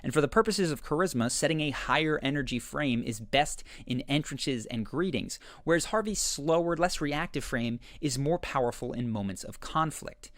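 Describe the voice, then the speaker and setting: Lively, explanatory male voice-over narrator. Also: on the high side, moderate pace, hardly any pauses, dry recording. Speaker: commentator analyzing a TV character. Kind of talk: scripted video essay narration.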